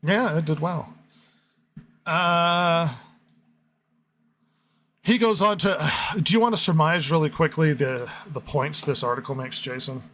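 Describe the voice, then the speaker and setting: A man's voice: fairly high pitch, a little slow, long pauses, a bit bright. A man hosting a podcast in casual chat, sarcastic and reading out comments and reviews. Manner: sarcastic, reads listener comments and reviews aloud. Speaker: podcast host.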